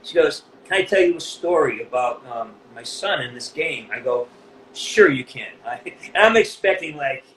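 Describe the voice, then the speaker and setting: A male voice actor who plays a game character tells an emotional story as a guest in a casual interview, swearing freely and often restarting. His mid-range voice is animated and fairly bright at normal speed, and the echoey room carries faint background noise.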